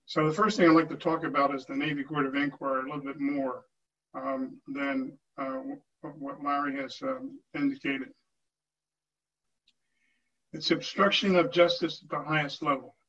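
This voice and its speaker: A man's voice: mid-range voice, level tone, moderate pace, fairly bright tone. An older man speaking earnestly at a town hall meeting, often restarting his sentences. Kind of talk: informal address to a meeting. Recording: distant muffled lo-fi recording.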